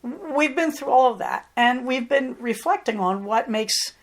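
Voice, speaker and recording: A woman's voice: high-pitched, animated, measured pace. A middle-aged woman, a podcast host and psychotherapist, chatting casually and acting out little voices when she quotes others. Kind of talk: casual chat.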